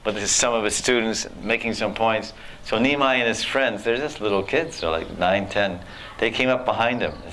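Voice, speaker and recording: A man telling devotional stories in a sermon, animated, acting out characters and laughing often. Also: mid-range voice, normal speed, a little hiss or hum. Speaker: spiritual teacher. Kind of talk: storytelling sermon.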